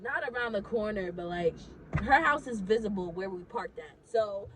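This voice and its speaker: A woman's voice: medium pitch, expressive, moderate pace, background noise. A young woman telling a casual story to her vlog audience. She talks animatedly, swears freely and fills her sentences with "like".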